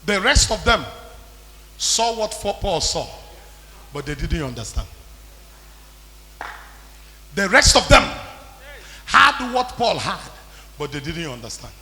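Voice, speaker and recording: A man preaching a sermon as pastor, in impassioned call-and-response that builds to shouting. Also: on the high side, big pitch swings, slow pace, long pauses. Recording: long hall reverb.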